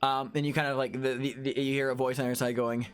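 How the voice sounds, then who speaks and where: A man's voice: mid-range voice, level tone, quick pace, smooth, soft background music. A man narrating as game master of a tabletop horror game in a casual, self-correcting way.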